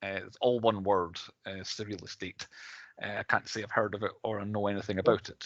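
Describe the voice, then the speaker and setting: A man's voice: fairly low pitch, level tone, fairly quick, no room sound, highs cut off. A man in his late thirties co-hosting a casual film podcast, running through facts with hedging asides and chuckles. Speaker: podcast co-host presenting the film's cast.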